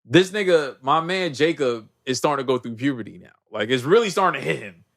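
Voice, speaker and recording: A man co-hosting a podcast, recapping a movie in casual chat with heavy slang and lively storytelling. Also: mid-range voice, a little fast, creaky. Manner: animated storyteller, heavy slang, acts out characters. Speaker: podcast co-host.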